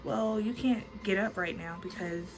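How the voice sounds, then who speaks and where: A woman in her twenties speaks over music, telling her vlog audience a personal story in a casual, chatty style. She swears freely and leans heavily on "like" as filler. Her pitch is medium, her pace moderate, and the audio quality is poor.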